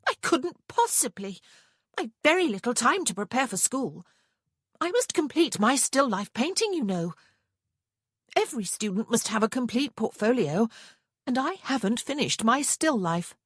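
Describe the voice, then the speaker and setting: Woman voicing a whiny youngest sister, high protesting cries, self-absorbed, breathy. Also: big pitch swings, normal speed, fairly bright tone, no room sound, studio quality, heavily acted.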